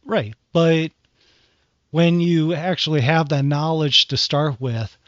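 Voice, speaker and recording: A man's voice: fairly high pitch, slow, no room sound. A man co-hosting a podcast, rambling through examples in a casual chat. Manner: rambling, animated retelling with acted quotes. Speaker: podcast co-host. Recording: dry, dull lo-fi sound.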